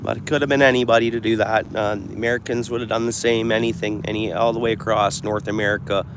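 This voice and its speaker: A man's voice: fairly low pitch, fairly even intonation, fast, noisy background. A man livestreaming from a pond while fishing, chatting casually and answering his live chat. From Canada. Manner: chatty, talks back to live chat comments. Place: outdoors by a pond near traffic.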